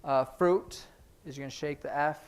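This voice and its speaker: Brief: male sign language teacher, slightly high voice, explains as he demonstrates, hurried asides. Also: steady tone, smooth. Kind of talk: classroom instruction. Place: church classroom.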